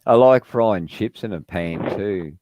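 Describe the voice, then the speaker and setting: A man's voice: on the low side, unhurried, dry recording, muffled recording. An Australian man rambling casually on a livestream, chatty and swearing now and then. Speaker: livestream co-host. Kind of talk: casual chat.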